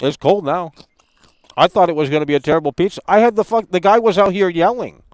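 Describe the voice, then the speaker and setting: High-voiced man ranting on a stream. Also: fast talker, darkish tone, no room sound. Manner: blunt, profane, ranting at chat. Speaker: live streamer. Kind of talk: casual live-stream rant.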